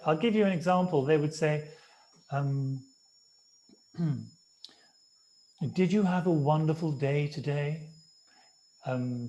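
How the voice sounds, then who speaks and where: A man from the United Kingdom explaining things to English learners in a live online class, slowly and patiently, with many fillers. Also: medium pitch, darkish tone, rough recording. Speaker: English teacher. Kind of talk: explaining to language students.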